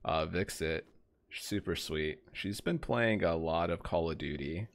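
A man's voice: low-pitched, unhurried. A young man live-streaming a game, chatting casually and rambling to his viewers, greeting them by name.

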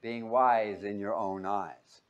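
A man's voice: fairly low pitch, takes it slowly, clean tone, dull audio. A man teaching a Bible lesson as a sermon, joking and quizzing his listeners. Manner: jokey, asks the audience questions; lively, swings between loud and quiet.

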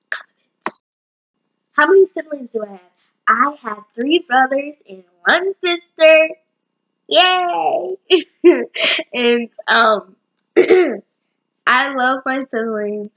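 A woman's voice: high-pitched, animated, takes it slowly, long pauses, fairly bright tone. Chatty young woman vlogging, lo-fi sound. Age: young adult. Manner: chatty, bubbly, many fillers. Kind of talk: casual chat to camera.

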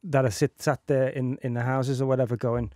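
A man's voice: mid-range voice, level tone, a little fast, dark tone, no room sound, studio quality. A man hosting a podcast, chatting casually with many fillers. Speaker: podcast host. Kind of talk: casual interview chat.

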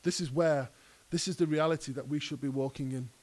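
A man's voice: fairly high pitch, fairly even intonation, a little fast, darkish tone. A male pastor preaching a conversational sermon that rises to emphatic peaks. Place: church hall.

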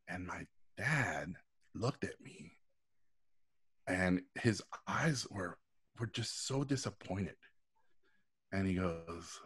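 A man with a somewhat low voice tells a story as a guest speaker. He delivers it with animated energy, slipping into the voices of his characters as he goes. He is heard over a video call. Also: slow pace, pauses often, husky. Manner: animated storyteller acting out quoted lines. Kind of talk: storytelling talk.

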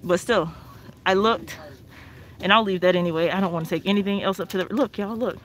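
Walking through a discount store with her phone in hand, a couponing vlogger chats with her live viewers and calls them "y'all." Her voice is on the low side and a little fast, and faint store noise can be heard.

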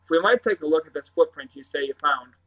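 A man reading aloud, voicing a stout, placid middle-aged police sergeant who asks slow, drawling questions. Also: a little high, expressive, sharp tone, low-quality recording.

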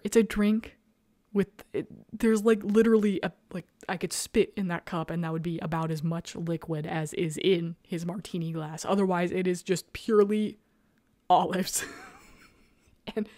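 A woman's voice: fairly low pitch, normal speed, no room sound, studio quality. A woman hosting a casual chat show, laughing often and riffing with sarcastic energy. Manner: giggly, laughs often mid-sentence; animated and sarcastic. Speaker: podcast host. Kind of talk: casual chat reviewing comics.

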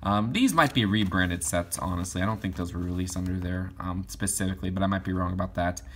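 A man's voice: low-pitched, fast, fairly bright tone, a little hiss or hum. A young man casually reviewing toy catalogs in a rambling way, with lots of fillers and restarts. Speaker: toy collector vlogger.

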